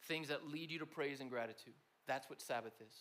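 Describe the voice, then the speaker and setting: A man's voice: medium pitch, fairly quick, a bit bright. A man giving a conversational sermon to a room of students, talking to them directly. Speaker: speaker at a student gathering.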